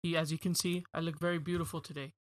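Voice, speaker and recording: High-voiced fast-talking young man. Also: flat delivery, dry recording. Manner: rambling, full of "like" and "dude". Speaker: podcast host. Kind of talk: casual podcast chat.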